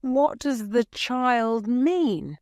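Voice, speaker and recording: A woman's voice: a little high, lively intonation, very slow, a little mellow, no room sound, clean studio sound, pitched above the performer's own voice. A woman voicing a fussy older aunt who scolds the boys in a storybook reading.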